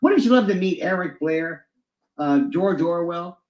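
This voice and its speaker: A man's voice: animated, measured pace. A man telling stories as a guest, often breaking into mimicking voices. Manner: swings into high mimicking voices. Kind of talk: animated storytelling with impressions. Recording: echoey, dull lo-fi sound.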